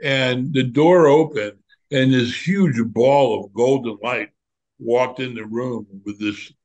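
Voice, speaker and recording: An older man, a former monk, reminiscing in a relaxed, candid conversation and telling animated stories. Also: mid-range voice, takes it slowly, poor audio. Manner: animated storyteller, candid and reflective.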